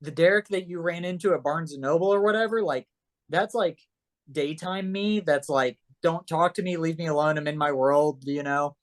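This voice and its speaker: Animated man telling stories on a podcast. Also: on the high side, moderate pace. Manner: animated storyteller, acts out quoted voices. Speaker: podcast guest. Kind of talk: casual podcast chat.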